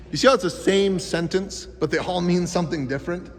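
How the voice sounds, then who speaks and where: A man's voice: high voice, brisk. A man teaching a life skills class to youths, talking with energy and quizzing the kids with questions. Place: school gym. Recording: echoey gym hall.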